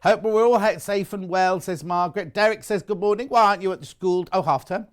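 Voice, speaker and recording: A man's voice: high voice, brisk, clear, resonant tone. Chatty British male craft presenter. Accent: British English. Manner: chatty, teasing, reads viewer messages aloud. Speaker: shopping channel presenter. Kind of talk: live craft shopping chat. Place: TV studio.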